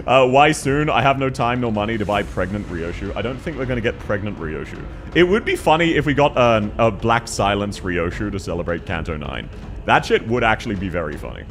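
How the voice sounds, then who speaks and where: A young man livestreams a game, chatting casually with his viewers as he plays. His voice is fairly low yet fairly bright, and he jokes, swears and reacts to the chat.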